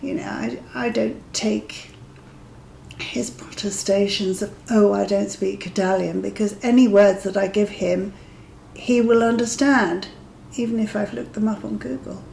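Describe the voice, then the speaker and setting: A woman's voice: mid-range voice, fairly even intonation, measured pace, gravelly, darkish tone, echoey room, a little hiss or hum, low-quality recording. A woman in her fifties telling a dating story in a chatty, amused way, sometimes dropping to a whisper for asides. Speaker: vlogger sharing dating stories. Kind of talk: casual anecdotal storytelling.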